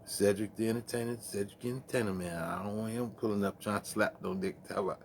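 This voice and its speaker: A man's voice: fairly low pitch, fairly even intonation, fast, creaky, hardly any pauses, slight background noise. A man hosting a late-night music stream, rambling in profane, laughing, casual chat between songs.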